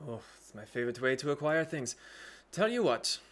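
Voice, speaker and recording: A man voicing a calm, curious woman pirate leader who probes and bargains. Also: mid-range voice, fairly quick, voice pushed up. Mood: probing.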